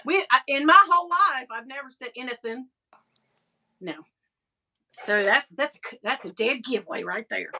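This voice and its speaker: A woman with a Southern US accent hosting a casual live chat, animated and quick to laugh as she reads viewer comments. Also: high-pitched, poor audio. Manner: chatty and animated, laughing often, breaks into mocking voices. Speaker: live show host.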